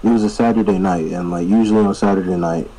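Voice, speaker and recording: A man's voice: low voice, fairly even intonation, fast, warm tone, low-quality recording. A young man telling a story in a loose, rambling way during a casual podcast chat. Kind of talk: casual storytelling among friends.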